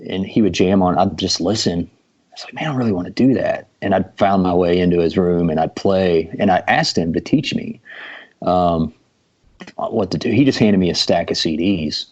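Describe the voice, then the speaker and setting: A deep, darkish male voice at normal speed comes from a guest drummer of about forty on a podcast. He tells laid-back stories in a casual chat, full of ums and other fillers, on a dull lo-fi recording.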